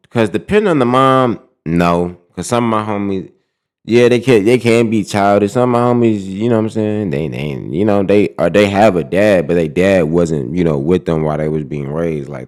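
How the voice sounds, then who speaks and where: Low-voiced young man, slangy and rambling. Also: expressive, moderate pace, a little mellow. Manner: loose slangy banter, rambling restarts. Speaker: reaction streamer. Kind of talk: casual reaction commentary.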